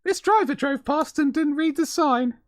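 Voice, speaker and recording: A man's voice: extremely high pitch, moderate pace, dry recording, studio quality, pitched above the performer's own voice. A man putting on a mocking voice of a male viral-video narrator, exaggerated and sing-song.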